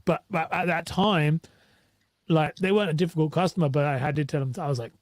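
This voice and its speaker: Higher-voiced British man telling candid stories. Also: fairly quick, no echo. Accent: British English. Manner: rambling, candid storytelling with frequent restarts and swearing. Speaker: mortgage broker. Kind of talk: casual podcast chat.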